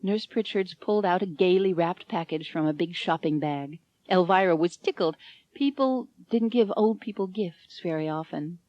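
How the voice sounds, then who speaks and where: A woman's voice: lowish voice, moderate pace, a little mellow, dry recording, highs cut off. Woman narrating an audiobook, dry studio sound. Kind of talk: scripted narration.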